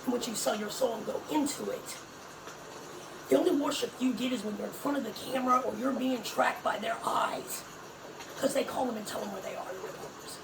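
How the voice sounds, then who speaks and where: High, gravelly woman ranting from afar. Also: brisk. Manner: profane, emphatic ranting. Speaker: commentator. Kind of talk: heated religious commentary. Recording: echoey room, distant mic, noisy.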